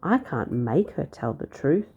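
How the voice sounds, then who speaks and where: A woman's voice: sits low, sing-song, a little slow, slightly rough, phone-quality sound, exaggerated voice. A woman voicing a grumpy boy prince in a read-aloud storybook, complaining in a whiny way. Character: grumpy boy prince who misses sheep.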